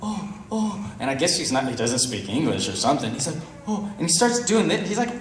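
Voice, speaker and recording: This convention panel guest, a man in his thirties, has a mid-range voice and speaks at a quick pace while animatedly recounting a funny story to a live crowd, laughing and performing the characters' voices. There's slight background noise, and a distant mic picks him up in a spacious hall.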